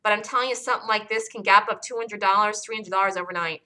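A woman's voice: mid-range voice, quick pace, pushed and bright, low-quality recording. A woman leading a live stock-chart review for traders, talking emphatically, repeating her points and asking listeners for questions. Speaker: trading room leader.

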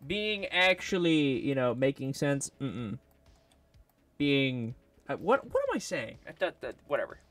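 A man's voice: mid-range voice, sing-song, measured pace, no echo, faint music behind. A man casually talking to himself while he sculpts a 3D model, rambling and joking as he works. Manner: rambling, jokey, talks to himself. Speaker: 3D sculpting video creator. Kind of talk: casual self-talk while working.

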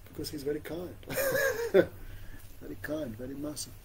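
Soft-spoken man teaching a relaxed spiritual class. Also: a little high, normal speed, vocal fry, slight background noise, low-quality recording. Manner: conversational, often asks "you know?"; gently humorous, laughs often. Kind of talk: informal religious class.

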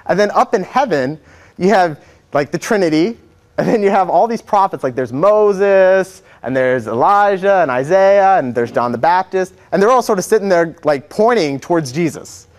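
A man's voice: high voice, animated, moderate pace. A young man, a seminarian, teaching an adult faith class in a chatty, joking way, acting out quotes. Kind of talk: informal classroom lecture. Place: church classroom.

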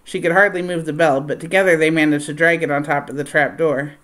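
A woman reading a children's adventure novel aloud in a steady storytelling voice. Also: quick pace. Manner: steady storytelling, voicing dialogue with raised pitch and volume. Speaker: reader of a novel.

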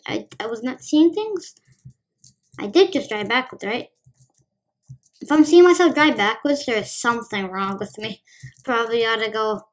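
A woman's voice: on the high side, a bit bright. A woman giving casual, playful commentary as she plays a video game, talking to herself as she goes. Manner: chatty, playful, talks to herself while playing. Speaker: gaming video host.

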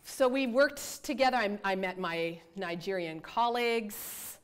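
Woman, middle-aged, academic lecture, lively storytelling, self-deprecating asides, medium pitch. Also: measured pace, clean tone. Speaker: environmental researcher giving a talk. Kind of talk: lecture with a personal anecdote.

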